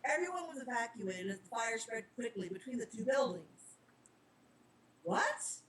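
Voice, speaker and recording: A woman narrating a storybook reading in a soft, plain way. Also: a little high, expressive, a little fast, slight background noise, poor audio.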